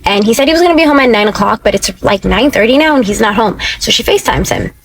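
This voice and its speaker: A woman's voice: on the high side, expressive, fast, slight background noise. A woman hosting her own channel, chatty and full of slang as she retells a story with blunt, profane asides. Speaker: YouTube channel host. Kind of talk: storytime reaction commentary.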